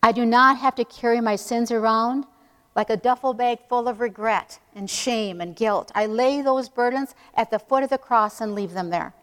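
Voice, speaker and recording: A woman preaching a sermon in an earnest, emphatic way, slowing down to stress key phrases. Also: on the high side, fairly bright tone, clean tone, long reverb tail.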